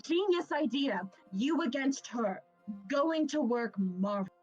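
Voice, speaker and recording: A woman's voice: high-pitched, expressive, slow pace, highs cut off, soft background music, full character voice. A woman voicing a vicious, foul-mouthed woman monk who taunts her captive rival, in a tabletop game. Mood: snarling. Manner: crude, taunting, mock-archaic outbursts.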